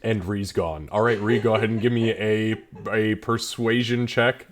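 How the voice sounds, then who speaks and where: A man's voice: on the low side, fairly even intonation, moderate pace. A man narrating a tabletop game as game master, loose and descriptive with many fillers.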